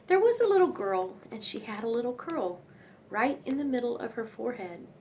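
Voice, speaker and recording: Young woman reading old nursery rhymes, lilting voice, chatty bits in between, quiet room w/ light hiss. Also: on the high side, sing-song, brisk. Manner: sing-song, chatty asides between poems. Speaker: teacher reading poems aloud.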